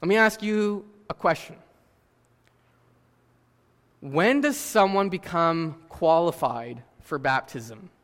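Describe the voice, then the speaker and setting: A man's voice: a little high, slow, long pauses, fairly bright tone, big-room sound. A man preaching a sermon in a conversational way, with casual fillers and questions put to the listeners. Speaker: pastor.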